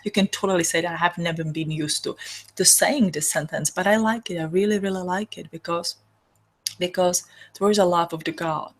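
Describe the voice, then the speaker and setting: A woman's voice: on the low side, fairly even intonation, fairly quick. A woman reverend giving a spiritual talk and guiding a healing exercise, speaking earnestly in loose phrasing with many restarts.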